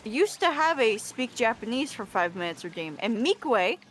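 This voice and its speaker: A woman's voice: a little high, very animated, moderate pace, fairly bright tone, slight background noise. A woman streamer chatting casually with friends, wry, sarcastic and blunt. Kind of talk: casual chat while streaming.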